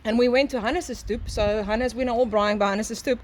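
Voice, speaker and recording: A woman's voice: fairly high pitch, fairly even intonation, normal speed, slight background noise. Chatty South African woman with an Afrikaans accent. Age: middle-aged. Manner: chatty storyteller, laughing often. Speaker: guest, braai and smoking teacher. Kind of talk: casual chat. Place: outdoor garden.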